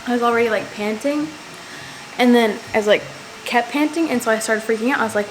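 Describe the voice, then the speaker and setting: A young woman with a slightly high voice talks quickly, with a little hiss or hum in the audio. The vlogger tells the camera a personal story in a casual, rambling way, saying "like" constantly.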